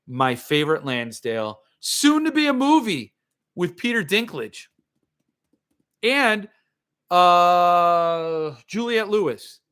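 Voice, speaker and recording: A man's voice: fairly high pitch, fairly bright tone. A man hosting a livestream, ranting sarcastically and answering viewer comments in casual chat. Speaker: podcast host.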